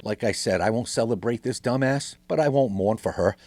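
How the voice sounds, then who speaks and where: A man's voice: mid-range voice, brisk, darkish tone, slight background noise. A middle-aged man hosting a podcast, delivering an angry, sarcastic, swearing political rant. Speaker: podcast host.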